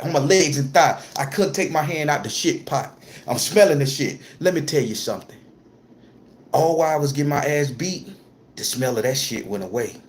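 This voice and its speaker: A man's voice: mid-range voice, a little hiss or hum. A man telling a personal story to camera in a casual, profane way, repeating phrases for emphasis. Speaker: spiritual content creator.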